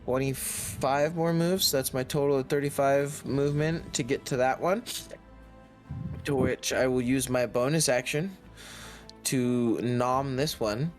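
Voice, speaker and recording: Slow-talking male player counting moves. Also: medium pitch. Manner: slow, thinking aloud while counting moves. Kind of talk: playing a tabletop game. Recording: faint background music.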